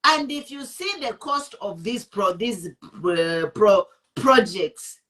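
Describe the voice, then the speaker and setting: A woman's voice: medium pitch, animated, slow pace, a bit bright. A woman with a Zambian accent, hosting an online show and giving impassioned political commentary, indignant and switching between English and Bemba.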